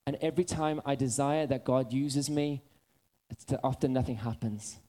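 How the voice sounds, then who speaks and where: A man in his thirties preaching a sermon, earnest and building to excited urgency. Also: mid-range voice, moderate pace.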